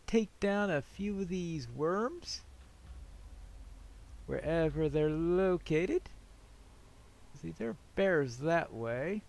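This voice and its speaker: A man talks over his gameplay in a relaxed let's-play style. His voice sits a little higher than most men's. He muses and wanders from thought to thought, often poking fun at himself. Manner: rambling, self-deprecating musing. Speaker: gameplay commentator. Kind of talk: casual let's-play commentary.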